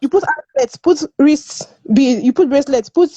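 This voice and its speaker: A woman's voice: high-pitched, animated, moderate pace, mellow, no echo. A woman from Nigeria, speaking as a guest in a casual discussion. She is emphatic, repeats words and laughs often. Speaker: guest panelist.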